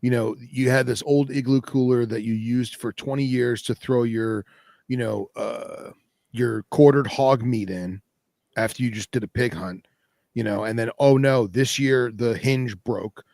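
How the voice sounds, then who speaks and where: A man's voice: mid-range voice, unhurried, creaky, darkish tone, no room sound. A man hosting a podcast, talking in a casual, rambling way full of fillers. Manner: rambling, filler-heavy, laid-back. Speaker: podcast host. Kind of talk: casual chat.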